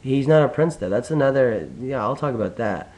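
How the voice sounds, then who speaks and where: Here the young American vlogger sounds animated and brisk, his mid-range voice a little mellow. The audio is poor, and his solo monologue stays casual and profane, wandering and full of restarts.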